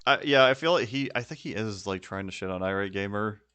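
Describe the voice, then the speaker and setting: A man's voice: fairly low pitch, fast talker, fairly bright tone, clear, resonant tone, soft background music. A man streaming his casual reaction to a video, stammering, swearing and laughing often.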